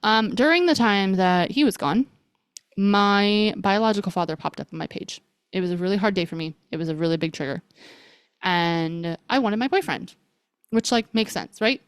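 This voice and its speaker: A woman's voice: medium pitch, normal speed, clean tone, no echo, clean studio sound. A woman hosting a podcast, telling a personal story in a casual, rambling way full of fillers. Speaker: podcast host.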